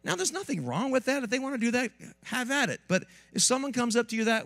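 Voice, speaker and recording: A man preaching a lively sermon in a church with asides to the congregation, while he has a cold. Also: very high voice, quick pace, vocal fry. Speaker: pastor. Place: church sanctuary.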